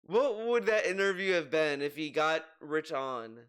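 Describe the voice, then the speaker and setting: A man's voice: a little high, a little slow, fairly bright tone, clear, resonant tone. A man giving rambling, sarcastic commentary on an online creator. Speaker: commentary youtuber. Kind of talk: video commentary.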